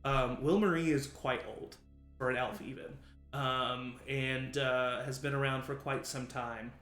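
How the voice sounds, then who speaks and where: Relaxed male GM narrating, mid pitch, roomy echo. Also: measured pace, faint music behind. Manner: relaxed, many fillers. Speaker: game master. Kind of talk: narrating a tabletop game.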